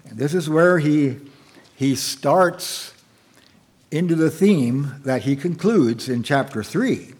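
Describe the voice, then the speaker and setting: A man preaching an evening sermon and reading scripture aloud, in a halting way with fillers and repeated words. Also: on the high side, animated, a little mellow, husky.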